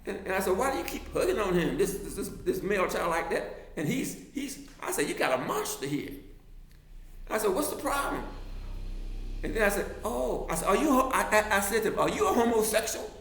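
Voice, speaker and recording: A man who teaches drama telling a personal story, halting and repeating words as he goes. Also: sits high, sing-song, vocal fry, fairly bright tone, echoey room, slight background noise. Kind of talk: anecdotal storytelling.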